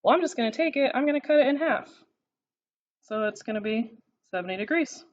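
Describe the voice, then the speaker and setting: Writing as she explains, an animated woman with a fairly high voice works through her notes in a recorded math lesson. Frequent "okay?" check-ins punctuate her talk, and the audio sounds slightly dull and lo-fi.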